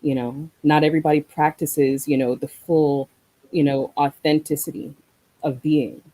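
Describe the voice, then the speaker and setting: Spoken-word poet, mid-pitched, mellow tone, deliberate rhythmic phrasing. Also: fairly even intonation, low-quality recording. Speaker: guest poet. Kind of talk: spoken-word poetry and reflective talk.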